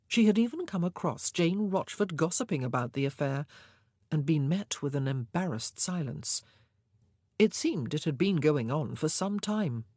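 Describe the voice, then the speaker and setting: A woman narrating a historical novel in a measured, expressive storytelling voice. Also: low voice, husky, dry recording, clean studio sound. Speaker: audiobook narrator.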